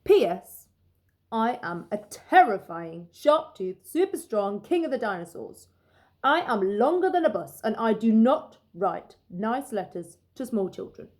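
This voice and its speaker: Bragging storybook T-Rex, big and loud, read by a woman; slow, lively lines. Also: fairly high pitch. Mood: boastful. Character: boastful male T-Rex, huge and blustering. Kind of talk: children's story reading.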